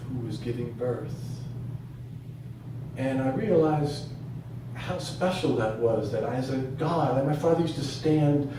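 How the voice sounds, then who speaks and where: A middle-aged man doing storytelling stand-up at an open mic, acting out the people in his story with big jumps in his voice. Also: background noise. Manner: animated, acts out voices with big pitch jumps. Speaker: stand-up comedian. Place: room at a live open mic. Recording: echoey, from far off the mic.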